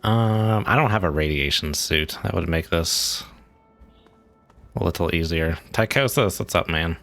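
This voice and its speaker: A man's voice: deep voice, a little slow, gravelly, a bit bright, soft background music. A man streaming a game, giving casual, rambling commentary as he plays and thinks aloud.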